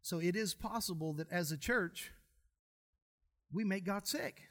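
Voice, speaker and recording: Bright high-voiced preacher. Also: male voice, unhurried. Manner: folksy, humorous storytelling preacher. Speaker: pastor. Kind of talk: sermon.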